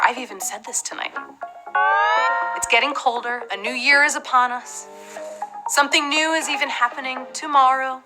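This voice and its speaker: A woman's voice: high voice, steady tone, moderate pace, long pauses, over loud music, poor audio. A woman hosting a live game show, bubbly, jokey and playful.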